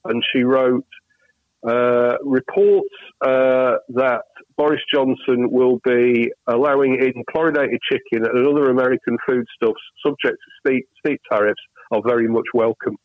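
A man's voice: mid-range voice, steady tone, unhurried, dry recording, narrow, tinny audio. British man, rambling political chat. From Britain. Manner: rambling storyteller, many restarts. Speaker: podcast co-host.

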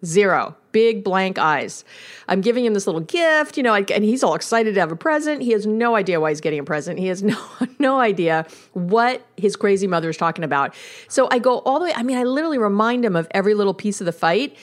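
A woman's voice: mid-range voice, sing-song, fast. A woman hosting a podcast as a couples therapist, telling a story about her young son in a chatty way, laughing at herself and swinging her voice up when she relives moments. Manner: chatty storytelling with frequent laughs and self-mockery. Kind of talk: casual podcast monologue.

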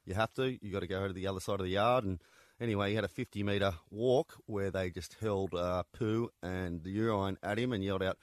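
Low-voiced male author, dry sound. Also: steady tone, brisk, dry recording. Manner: conversational, frequent ums and restarts. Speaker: author of prison books. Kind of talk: interview guest recounting stories.

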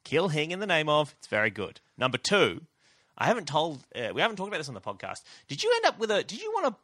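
A man's voice: a little high, huge pitch swings, fast, pushed and bright, dry recording, clean studio sound. A man telling rambling comic stories on a podcast and swearing freely. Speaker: podcast co-host. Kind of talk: casual comedy podcast chat.

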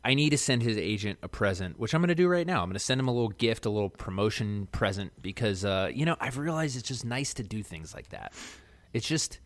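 A man's voice: mid-range voice, no room sound. A man co-hosting a podcast in casual chat, easygoing and upbeat with many fillers. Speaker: podcast co-host.

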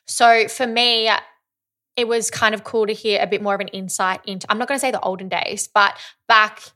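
Bright, bubbly young woman. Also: medium pitch, fairly even intonation, fairly quick. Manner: bubbly and emotional, laughing often, swearing casually. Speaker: podcast co-host. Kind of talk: casual chat.

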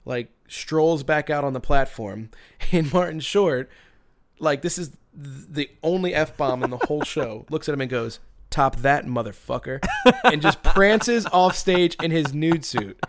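A man's voice: fairly high pitch, animated, a little slow. A man on a podcast telling a story in casual chat, rambling with many restarts and bursts of laughter.

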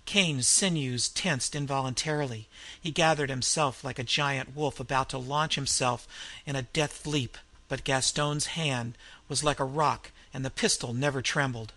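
A man narrating a dark adventure story with expressive reading. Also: medium pitch, moderate pace.

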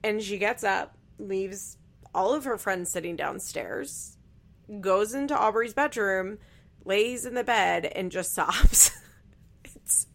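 Gravelly-voiced woman gossiping bluntly. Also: medium pitch, lively intonation, a little slow, fairly bright tone. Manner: chatty, blunt, swears freely, frequent "like". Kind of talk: casual reality-TV commentary.

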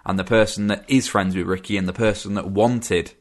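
Chatty low-voiced man. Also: steady tone, fairly quick. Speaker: podcast host. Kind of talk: casual film chat.

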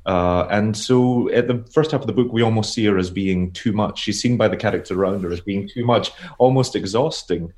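A man's voice: on the low side, brisk, hardly any pauses, darkish tone. A man, a novelist talking thoughtfully about his book in an interview, with frequent fillers and restarts. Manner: thoughtful, hesitant, with many fillers. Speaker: novelist guest. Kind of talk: literary interview.

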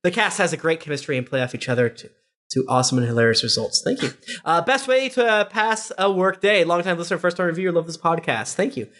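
A man hosting a podcast, reading listener reviews aloud with quick asides and laughter. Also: on the high side, expressive, a bit bright. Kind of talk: casual podcast chat.

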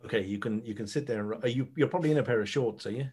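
Laid-back husky Irish man. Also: medium pitch, very fast, a little mellow. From Ireland. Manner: laid-back, swears casually, jokey. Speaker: podcast guest. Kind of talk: casual chat.

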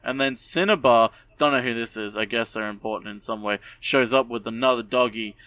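A man hosting a podcast, recapping an episode in a rambling, animated way with lots of fillers and swearing. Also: mid-range voice, brisk, dry recording. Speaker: podcast host. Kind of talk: casual chat.

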